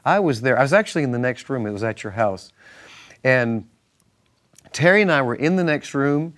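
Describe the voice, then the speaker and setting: A man's voice: mid-range voice, lively intonation, normal speed, a bit bright. Man, minister, Bible teaching on a talk show, emphatic, repeats for effect, mid-range voice. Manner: emphatic, repetitive, preacherly.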